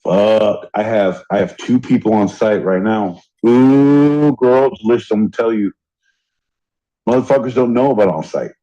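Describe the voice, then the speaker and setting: A man's voice: fairly low pitch, moderate pace, dark tone. Profane ranting man, dull lo-fi sound. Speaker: podcast co-host. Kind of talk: casual podcast chat. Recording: dull lo-fi audio.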